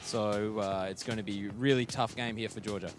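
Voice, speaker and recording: A man's voice: fairly low pitch, steady tone, fairly quick, over music. Chatty young man commentating esports. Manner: chatty analytical, heavy fillers, teasing banter.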